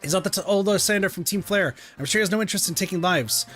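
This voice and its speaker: A man voicing a steady, protective detective giving advice earnestly. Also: high-pitched, fast talker, faint music behind. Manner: earnest, reassuring.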